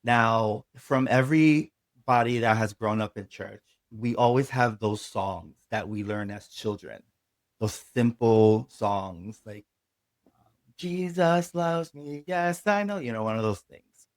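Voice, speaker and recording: A man's voice: on the low side, steady tone, unhurried, dry recording. A reverend, a man whose first language is Spanish, telling his own story in an interview, earnest and emotional, acting out his past words. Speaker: guest, reverend.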